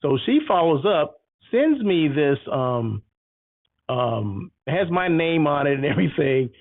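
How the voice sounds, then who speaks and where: A man hosting a casual monologue, telling an animated story and acting out both sides of the exchanges. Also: fairly high pitch, measured pace, no room sound. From United States. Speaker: host. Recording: tinny phone-like sound.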